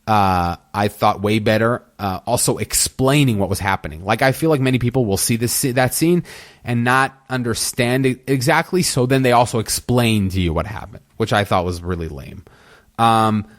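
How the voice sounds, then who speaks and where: A man's voice: fairly low pitch, normal speed. A man hosting a solo review podcast, talking casually and rambling with frequent restarts and exasperated asides. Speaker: podcast host.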